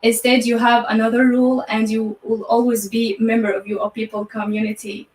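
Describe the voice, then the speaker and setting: A woman from Syria answers interview questions in a slightly high voice, often halting and repeating words as she searches for them. The recording is roomy and she sits back from the mic. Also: flat delivery, a little mellow, far from the mic. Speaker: graduate guest. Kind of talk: live online interview.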